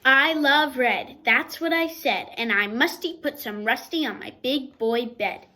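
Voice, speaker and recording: A woman's voice: high-pitched, expressive, unhurried, pushed and bright, full character voice. A woman voicing a playful little boy kitten in a storybook, speaking in bouncy sing-song rhymes. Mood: eager. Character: playful boy kitten who thinks he's a chihuahua.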